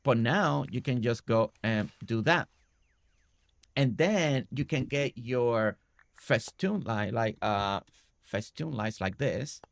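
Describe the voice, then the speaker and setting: A man with a gravelly, creaky voice at a middle pitch talks through a game build in a relaxed tutorial way. He walks the listener through each step, tagging his points with "right?", and sounds close and dry with no room echo. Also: slow. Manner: explains step by step, often adding "right?". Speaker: game streamer. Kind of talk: casual building tutorial commentary.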